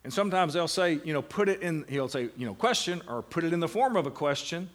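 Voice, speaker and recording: Animated man lecturing a class. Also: on the high side, fast talker. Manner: animated, asks the class questions and answers them. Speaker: seminary lecturer. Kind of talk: classroom lecture on Bible meditation.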